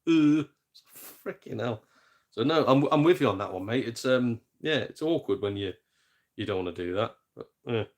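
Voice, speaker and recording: A man's voice: medium pitch, animated, normal speed. Male stream host, middle-aged, casual sarcastic rant, mocks others with put-on voices. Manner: exasperated, sarcastic, mimics people in silly voices. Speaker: gaming channel host.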